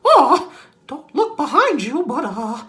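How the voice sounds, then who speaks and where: A man imitating a cheerful male cartoon mouse in a high giggly falsetto. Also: big pitch swings, slow, bright, forceful tone, exaggerated voice. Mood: creepy teasing.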